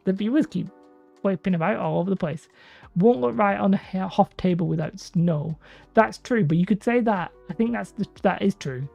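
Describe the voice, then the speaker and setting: A woman hosts a hobby livestream, casually chatting, reading viewer comments, and rambling between laughs. Her voice is medium-pitched, creaky and a little mellow at a moderate pace, heard through dull lo-fi stream audio with faint music.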